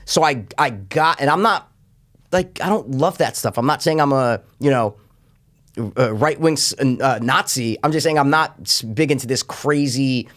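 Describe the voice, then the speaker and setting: A man's voice: mid-range voice, normal speed, fairly bright tone. A man co-hosting a casual film review podcast. He rambles and circles back to his points, stressing them hard and swearing freely. His talk is loose and chatty. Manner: profane, emphatic, rambling. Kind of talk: casual chat, movie review.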